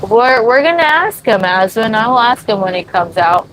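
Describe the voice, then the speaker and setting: A woman's voice: fairly high pitch, animated, moderate pace, a bit bright, a little hiss or hum, poor audio. A woman from the USA chatting with her live-stream viewers from a sailboat, cooing over her dog. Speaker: vlogger answering live chat. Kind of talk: casual live-stream chat.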